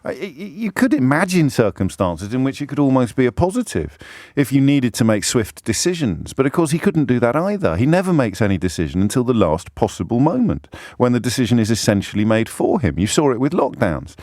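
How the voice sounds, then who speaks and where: A British radio phone-in host delivers an impassioned, scornful monologue, hammering his points with emphatic rhetorical repetition. His mid-range voice is very animated, a little fast and slightly mellow, captured in a dry, clean studio recording.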